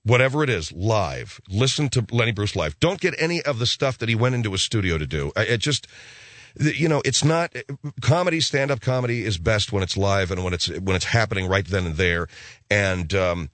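A man's voice: on the low side, animated, a little fast, fairly bright tone, no echo. A middle-aged man hosting a show, chatting casually about listener mail in a rambling way, often repeating and restarting words. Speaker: radio show host.

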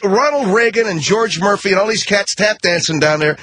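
Husky, sarcastic ranting talk host. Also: male voice, high voice, pushed and bright. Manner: combative, sarcastic, rapid ranting. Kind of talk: ranting talk-radio commentary.

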